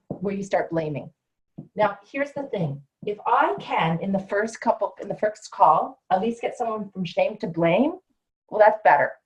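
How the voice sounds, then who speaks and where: A middle-aged woman, a coach trainer, teaches a certification class in a mid-range voice captured on dull audio. She is conversational and emphatic, at times acting out what her clients say.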